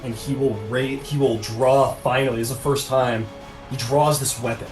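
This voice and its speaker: A man's voice: mid-range voice, steady tone, normal speed, a little mellow, far from the mic. Rambling man running a tabletop game. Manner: rambling, many fillers. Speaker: game master. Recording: echoey room, music behind.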